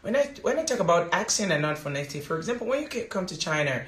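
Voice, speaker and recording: A woman's voice: fairly low pitch, big pitch swings, fast talker, fairly bright tone. A woman from Africa, a teacher giving casual advice in a rambling way, repeating words and using many fillers. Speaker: English teacher and vlogger. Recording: roomy echo.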